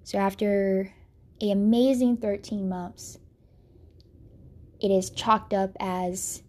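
A young woman earnestly telling a personal faith story, sorrowful and reflective, sometimes dropping to a soft whisper. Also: mid-range voice, steady tone, slow, long pauses. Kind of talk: personal testimony monologue.

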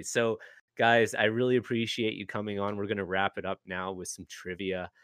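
A man's voice: lowish voice, flat delivery, normal speed, a bit bright, clear, resonant tone, dry recording. A man hosting a podcast, chatting casually with guests on a call, swearing now and then and laughing easily. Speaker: podcast host.

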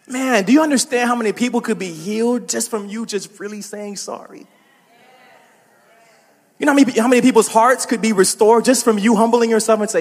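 A man's voice: high-pitched, quick pace, long reverb tail. A man preaching a sermon as a pastor, talking casually to the congregation with asides and laughs.

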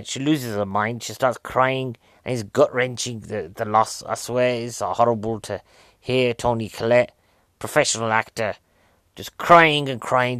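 A man's voice: mid-range voice, fairly bright tone, no room sound, studio quality. A man, rambling jokily as a podcast host reviewing a film and poking fun at himself. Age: 40s. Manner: rambling, jokey, self-mocking. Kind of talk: casual film review chat.

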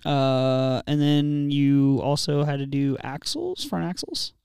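A teasing man co-hosting a shop podcast, his voice very clean and smooth and a touch high. He is recorded close and dry. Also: animated, takes it slowly, a little mellow, no echo. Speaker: podcast co-host. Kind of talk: casual podcast chat.

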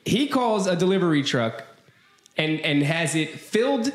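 A man's voice: fairly high pitch, sing-song, measured pace, soft background music. Guy cohosting a podcast, swears a lot, tells stories, echoey room. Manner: profane, storytelling, joking. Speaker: podcast co-host. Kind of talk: casual livestream chat.

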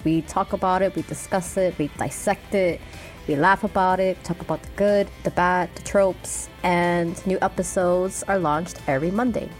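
A woman co-hosting a podcast, chatting casually and telling stories in an animated, laughing way. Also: lowish voice, normal speed, soft background music. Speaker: podcast co-host.

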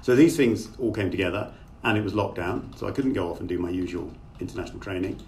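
A deep-voiced middle-aged author, speaking quickly with vocal fry and a darkish tone, is a guest in a conversational interview over video call. He rambles thoughtfully and uses many fillers. The remote microphone sounds distant, with faint background noise.

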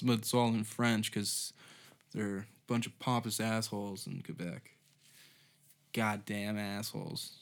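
A man's voice: fairly low pitch, little pitch movement, measured pace. A man hosting a solo comedy podcast, rambling and swearing in an offhand way, often trailing off. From Canada. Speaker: podcast host.

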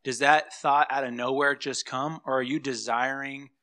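A man in the audience asking a halting question from the floor, searching for his words. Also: medium pitch, steady tone, sharp tone.

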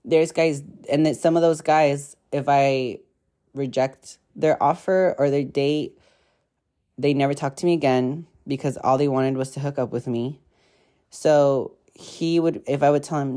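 Very deep-voiced woman, rambling and profane. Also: fairly even intonation, normal speed, mellow. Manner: rambling, profane, filler-heavy. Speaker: podcast host. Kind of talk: casual storytelling chat.

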